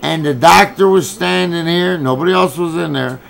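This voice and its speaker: A man with a gravelly, somewhat high voice tells a story as a heated, profane rant. He swears constantly and acts out the argument line by line. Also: normal speed, a bit bright, a little hiss or hum, poor audio. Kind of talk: angry personal rant.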